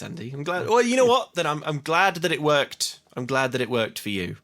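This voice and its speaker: A man's voice: a little high, expressive, fairly quick, hardly any pauses, fairly bright tone. A man co-hosting a podcast, retelling a film's plot eagerly in casual talk and laughing often. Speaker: podcast co-host. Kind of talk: casual comedic film chat.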